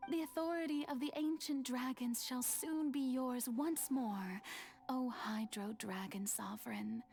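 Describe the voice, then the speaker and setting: An actress voicing an ancient, scheming goddess in game cutscene dialogue, speaking slowly in a soft, confiding, measured way. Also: female voice, high voice, fairly even intonation, vocal fry, faint music behind. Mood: teasing. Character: ancient scheming female goddess, calm and wistful.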